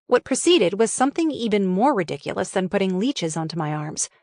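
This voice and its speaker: A woman's voice: medium pitch, no room sound, studio quality. A woman reading her own memoir aloud for an audiobook, in a frank, wry and candid way.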